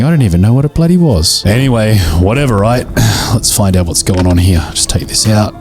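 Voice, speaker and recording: A man hosting a gaming video, chatting casually and jokingly as he plays, talking to the game's characters with sudden bursts of excitement. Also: lowish voice, brisk, faint music behind. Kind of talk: casual gameplay commentary.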